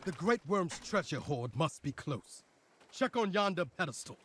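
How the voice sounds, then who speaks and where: A man's voice: fairly high pitch, sing-song, moderate pace, fairly bright tone, breathy edge, full character voice. An actor playing a young man who loves LARP and talks in grand mock-medieval phrases in a video game. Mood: grandiose. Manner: grand archaic speech, snaps into plain swearing. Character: young male LARP fan, pompous mock-medieval talk.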